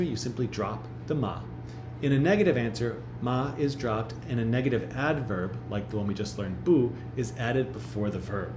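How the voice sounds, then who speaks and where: A man teaching a recorded language lesson, speaking slowly and carefully and repeating each example phrase. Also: medium pitch, reverberant. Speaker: Chinese language instructor.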